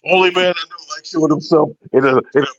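A man's voice: fairly high pitch, racing, a bit bright, highs cut off. A man co-hosting a podcast in casual chat, answering with short reactions and teasing. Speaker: podcast co-host.

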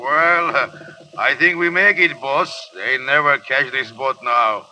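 An actor playing a loyal pirate first mate with a French accent, in eager broken English, barking orders, in a 1930s radio drama. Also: male voice, medium pitch, unhurried, bright, forceful tone, a little hiss or hum.

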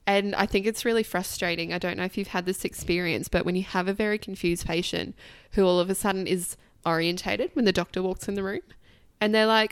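A woman's voice: mid-range voice, steady tone, a little fast, clean tone, no room sound. A young woman in her twenties, a nurse chatting frankly on a podcast, laughing often and swearing casually. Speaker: registered nurse guest.

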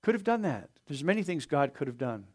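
A man pastor preaching a sermon, earnest, pressing his points hard and then letting them fall soft. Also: fairly high pitch, very animated, brisk, slightly rough. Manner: earnest preaching with rising emphasis and soft drop-offs; asks the congregation to open their Bibles.

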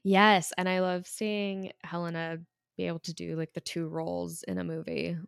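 A woman in a casual film chat, agreeable and halting with many fillers. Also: lowish voice, flat delivery, vocal fry, clear, resonant tone, dry recording, clean studio sound.

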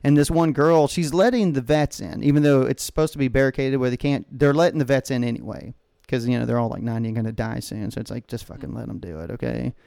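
A man's voice: mid-range voice, fast, gravelly, hardly any pauses, warm tone, clear, resonant tone, no room sound. A man co-hosting a podcast, telling a story in a casual, heavily profane rant. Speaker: podcast co-host. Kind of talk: casual chat.

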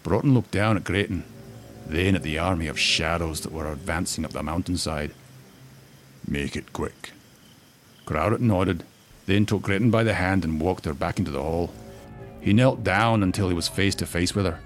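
A man narrating a fantasy story in a measured, expressive storytelling manner. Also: sits low, faint music behind. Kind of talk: audiobook-style fantasy story reading.

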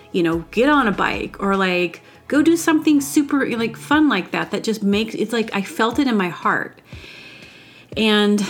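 Woman just chatting to camera, rambly and giggly, says like a lot, mid-pitched, bit of music faint behind. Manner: rambling, chatty, full of "like" fillers; giggly and upbeat. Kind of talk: casual personal storytelling monologue.

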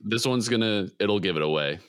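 A man with a very low voice hosts a podcast in easygoing chat. He talks a little hesitantly and often repeats a word as he starts. His voice sounds dry and close. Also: brisk, clear, resonant tone, dry recording. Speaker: podcast host. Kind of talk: casual chat.

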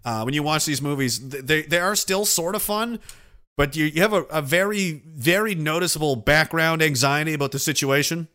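A man's voice: fairly high pitch, normal speed, bright, forceful tone. A man streaming and reading viewer messages, talking in a rambling, profane, self-interrupting way. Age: older.

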